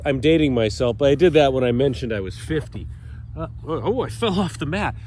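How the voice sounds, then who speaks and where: A man in his fifties leading a morning stretch outdoors, upbeat and jokey, a little stuffy and clearing his throat now and then. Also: mid-range voice, animated, fairly quick, darkish tone, slight background noise. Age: 50s. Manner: upbeat, jokey, cues movements while doing them. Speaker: fitness coach. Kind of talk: guided stretching instruction. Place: outdoors on a mat on grass.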